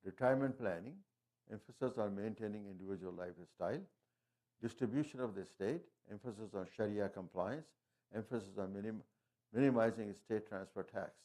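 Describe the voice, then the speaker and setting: Man giving a halting estate-planning talk. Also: fairly low pitch, dark tone. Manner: halting, frequent restarts and fillers, non-native phrasing. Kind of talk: informal presentation talk.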